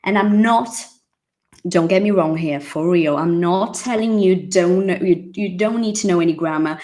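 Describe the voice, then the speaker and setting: A woman from Brazil with a Brazilian Portuguese accent, giving a casual, expressive English lesson with acted-out reactions. She sounds like she is in her thirties. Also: on the low side, normal speed. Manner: expressive, acts out surprised reactions. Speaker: English teacher.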